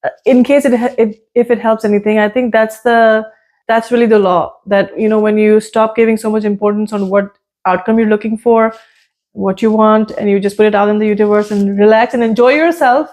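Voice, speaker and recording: A woman hosting a podcast, asking gentle, hesitant questions with fillers. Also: medium pitch, fairly even intonation, a little fast. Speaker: podcast host. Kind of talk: interview conversation.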